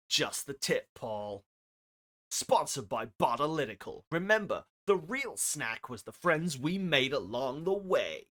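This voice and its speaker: A man voicing an over-the-top male online video host with a loud, punchy hype delivery. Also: a little high, voice pushed up, exaggerated voice.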